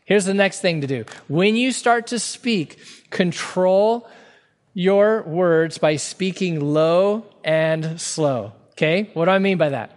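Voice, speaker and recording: A man preaching a sermon as pastor, earnest and emphatic, stretching key words slowly for weight. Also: high-pitched, animated. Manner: earnest, emphatic preaching with sudden slow-downs. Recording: long hall reverb.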